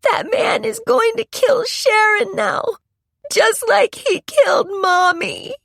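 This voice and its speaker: Woman reading as a little boy crying for his dad, super high squeaky voice, slow and sobbing. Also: creaky, fairly bright tone, no room sound, clean studio sound, heavily acted. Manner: sobbing, pleading, breathless.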